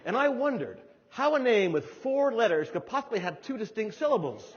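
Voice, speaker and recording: A middle-aged man from New Jersey giving a humorous storytelling keynote speech, acting out voices with animated delivery. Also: extremely high pitch, fairly quick, slight background noise. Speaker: keynote speaker. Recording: dull hall recording with long reverb.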